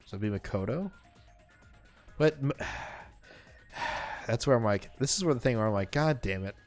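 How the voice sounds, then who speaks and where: A man's voice: medium pitch, expressive, unhurried. A male streamer with a mid-range voice reads game text aloud and drifts into loose, filler-heavy commentary. Faint game music plays under him. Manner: casual, rambling, many fillers.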